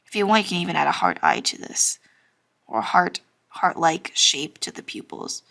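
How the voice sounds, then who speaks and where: A young woman talks through a drawing tutorial in a casual, rambling way, full of fillers and shy little laughs. Her voice sits somewhat low and has a bright tone with noticeable vocal fry. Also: very animated, moderate pace. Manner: chatty, many fillers, giggly and self-conscious. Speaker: drawing teacher.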